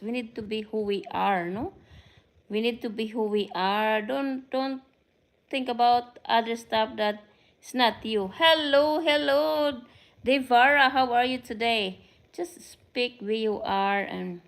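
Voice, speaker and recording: A middle-aged Filipino woman, a vlogger and care worker whose first language is Tagalog, chats casually with viewers on a live stream, recording into a camera mic. Her voice is on the high side and a bit bright, and with her Filipino accent she mixes in Tagalog and greets viewers by name.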